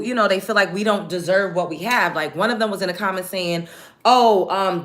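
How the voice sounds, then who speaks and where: Bright-voiced chatty woman on a live stream. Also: mid-range voice. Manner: chatty, animated, speaks to viewers directly. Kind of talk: casual get-ready-with-me live chat.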